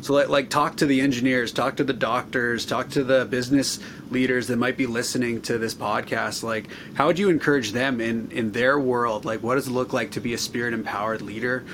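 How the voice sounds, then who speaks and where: A man's voice: steady tone, brisk. A man hosting a faith podcast, encouraging his guest with affirmations and follow-up questions. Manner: warm, encouraging, lots of affirmations. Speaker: podcast host. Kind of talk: casual interview chat. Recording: audible background rumble.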